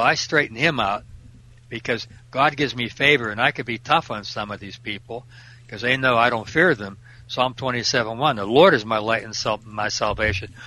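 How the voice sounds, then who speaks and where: A man's voice: medium pitch, sharp tone. Fervent older man quoting scripture. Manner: fervent, quotes scripture verse by verse. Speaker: prison minister, guest. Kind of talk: preaching interview talk.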